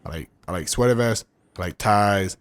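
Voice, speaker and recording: A man with a fairly low voice chats casually as a comedian guest on a podcast. He jokes around and acts out other people's lines, jumping high in pitch for them. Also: moderate pace. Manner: joking, acts out quoted voices with big pitch jumps.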